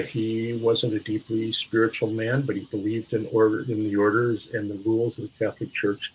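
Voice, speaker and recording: A man's voice: medium pitch, fairly bright tone, husky, low-quality recording. An older man from Minneapolis, a guest on an interview show, recalling stories reflectively and searching for words with frequent restarts. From Minneapolis, USA. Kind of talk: reflective storytelling.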